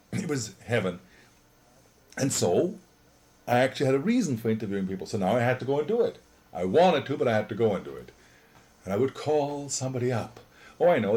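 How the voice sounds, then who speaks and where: Middle-aged guy in an interview, excitable and rambling, dark relaxed tone, mid pitch. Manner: exuberant, rambling storyteller. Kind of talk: casual reminiscing interview.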